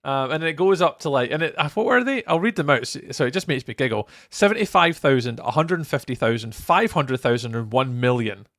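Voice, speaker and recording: A man's voice: mid-range voice, expressive, brisk, hardly any pauses, fairly bright tone. A Scottish man chatting casually with viewers on a live stream while he builds in a game, greeting people by name and laughing often. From Scotland.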